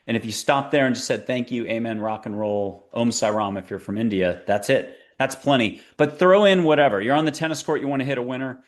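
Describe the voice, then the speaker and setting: Chatty, playful man in interview. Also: medium pitch. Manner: chatty and playful, with quick tangents. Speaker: guest, spiritual teacher. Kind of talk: conversational interview talk.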